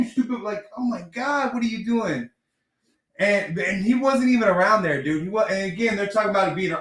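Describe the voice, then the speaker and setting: A man hosts a loose, foul-mouthed chat, rambling from one story to the next. His voice sits a bit high, and he sounds set back from the mic in an echoey room. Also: fairly bright tone, distant mic. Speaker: podcast host. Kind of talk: casual chat. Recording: roomy, from off the mic.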